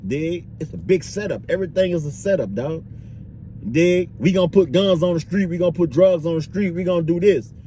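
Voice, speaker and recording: A man's voice: on the high side, brisk, warm tone, a little hiss or hum. A man vlogging in a loose, slangy street-talk monologue, filling it with "you dig" and "bro".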